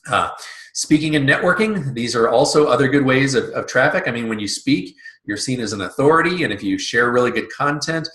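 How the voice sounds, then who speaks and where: A man's voice: medium pitch, lively intonation, a little fast, a bit bright. A man teaching an online business lesson in a casual, chatty way, full of fillers and restarts. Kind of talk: recorded lesson. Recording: roomy echo.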